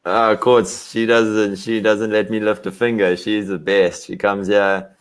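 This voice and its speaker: A young man from South Africa, a racer answering questions in a relaxed video-call interview, easygoing and quick to laugh. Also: fairly low pitch, clean tone. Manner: easygoing, laughs often, filler-heavy. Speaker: guest, racer.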